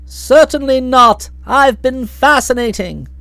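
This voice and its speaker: A woman's voice: sits high, takes it slowly, fairly bright tone, no room sound, heavily acted. A woman reading as a bluff, hot-tempered aunt. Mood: grumbling. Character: blustering middle-aged aunt, hearty and explosive. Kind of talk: audiobook reading.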